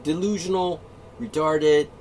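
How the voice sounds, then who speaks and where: A man's voice: fairly high pitch, fairly even intonation, unhurried, darkish tone. A man hosting his own monologue channel, ranting in a profane, combative and mocking way. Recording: distant mic, faint background noise.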